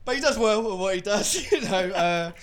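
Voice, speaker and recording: A man talking in a loose, rambling way, doubling back on himself mid-sentence. His voice sits a little higher than most men's. It is relaxed podcast chat among friends. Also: normal speed, a crowd in the background. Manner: rambling, with restarts and laughs. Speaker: band singer and legal professional.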